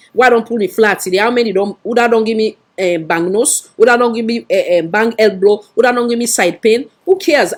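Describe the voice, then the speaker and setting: Sierra Leonean woman commentator, mid-pitched and breathy, lecturing hard in Krio-accented English. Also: darkish tone. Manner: scolding, rhetorical questions. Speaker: online political commentator. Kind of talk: livestream commentary.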